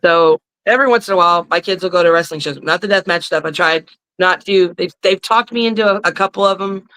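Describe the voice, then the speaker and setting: A woman who is a professional wrestler, a guest on a podcast, telling lively stories and cursing freely. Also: fairly low pitch, fast talker, clear, resonant tone, rough recording. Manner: animated storyteller who curses freely. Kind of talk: casual podcast chat.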